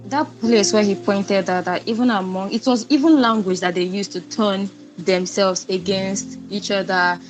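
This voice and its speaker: A woman with a Nigerian accent hosting and moderating a book club discussion in a brisk, conversational way. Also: medium pitch, poor audio.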